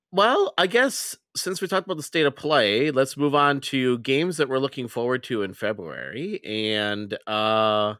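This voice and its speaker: A man hosting a podcast, his pitch moving a lot, with a bright, tense edge. He leads the casual chat and reacts quickly, laughing often. The recording is dry and close. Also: dry recording. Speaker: podcast host.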